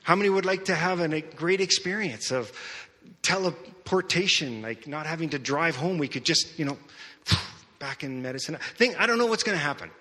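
A man preaching a sermon, telling a personal testimony with lively storytelling that swings between loud outbursts and hushed moments. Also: a little high, normal speed. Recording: reverberant hall.

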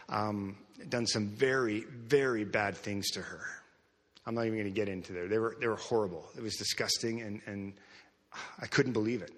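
A man preaching a sermon and telling a story, earnest, repeating words, moving between hushed and raised passages. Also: mid-range voice, long reverb tail. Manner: earnest, repeats words, swings from soft to loud. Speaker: pastor.

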